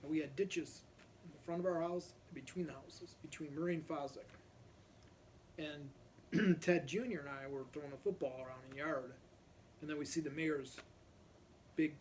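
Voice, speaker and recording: A man casually telling a rambling neighborhood story, often clearing his throat as he talks. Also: fairly high pitch, slight background noise.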